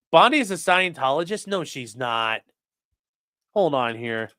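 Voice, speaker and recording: A man's voice: fairly high pitch, big pitch swings, slow, pushed and bright, no room sound, clean studio sound. A young man, a streamer and trial lawyer, chatting casually on a live stream, rambling, swearing and reading chat aloud.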